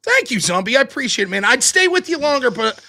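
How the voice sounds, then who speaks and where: A man's voice: very high-pitched, big pitch swings, fast talker, pushed and bright. A man with a Pittsburgh accent hosting a call-in show, chatting casually and swearing freely. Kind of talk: casual chat.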